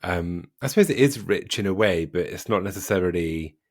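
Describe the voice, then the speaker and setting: A southern English man hosting a casual podcast chat, easygoing and self-deprecating. His voice sits very low. The sound is dry and close. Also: lively intonation, brisk, darkish tone, no echo. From Wiltshire, England. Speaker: podcast host.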